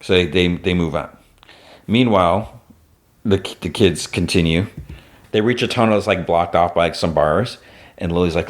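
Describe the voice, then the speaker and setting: Deep-voiced man retelling a show. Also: steady tone, normal speed. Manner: retells scenes, acting out lines in a raised voice; loose, filler-heavy storytelling. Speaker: podcast host. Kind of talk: casual episode recap.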